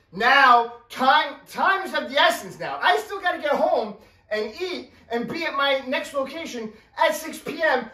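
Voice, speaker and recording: A man telling a comedic story as a rant, animated and exasperated, acting out the other people in the story in quick character voices. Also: very high-pitched. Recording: roomy sound from a distant mic.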